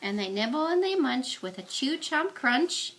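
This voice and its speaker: Older lady, a grandma reading a bedtime book, high voice, lively. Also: measured pace. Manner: animated, expressive read-aloud. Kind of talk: reading a picture book aloud.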